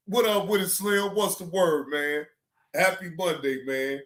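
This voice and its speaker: A man's voice: high-pitched, unhurried. A man hosting a reaction stream, commenting bluntly and profanely and scolding the people in the clip. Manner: animated, shouting at times.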